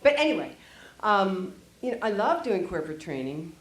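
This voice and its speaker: A woman's voice: medium pitch, big pitch swings, moderate pace. A woman attending a workshop, talking in a rambling, hesitant way with many fillers. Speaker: workshop participant. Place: seminar room. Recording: echoey room.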